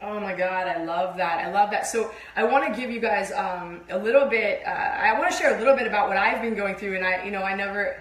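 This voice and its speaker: A woman co-hosting a livestreamed spiritual sermon, speaking in an animated, emphatic way and swearing freely. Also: mid-range voice, brisk, hardly any pauses, echoey room.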